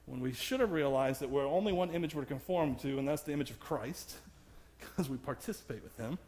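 A man's voice: mid-range voice, animated, fairly quick, a little mellow, big-room sound, slight background noise. A man preaching a sermon in a church, joking about himself and laughing often as he speaks. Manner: humorous, self-deprecating, laughs often. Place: church sanctuary.

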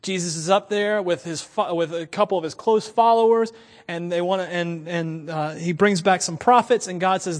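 A male pastor preaching a sermon, swinging between quiet asides and loud, emphatic passages. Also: high voice, a little fast, long reverb tail.

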